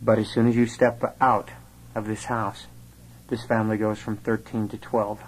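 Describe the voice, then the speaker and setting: A young man with a fairly low voice tells a personal testimony in an earnest way. He carries the story through remembered conversations, quoting each person as he goes. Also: flat delivery, moderate pace, low-quality recording. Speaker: speaker telling his conversion story.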